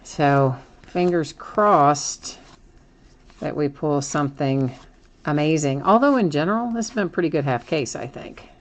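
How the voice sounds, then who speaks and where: Low-pitched woman hosting a card break, talks as she goes, bit of hiss in the background. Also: measured pace. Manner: chatty, thinks aloud, frequent laughs. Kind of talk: live card break chat.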